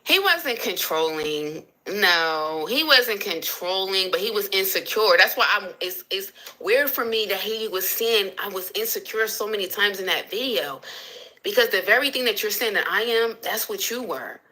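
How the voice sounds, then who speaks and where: A woman's voice: mid-range voice, animated, moderate pace, pushed and bright, rough recording. A woman hosting a casual livestream, speaking candidly and emotionally and answering viewers as she vents about her marriage. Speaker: livestream host.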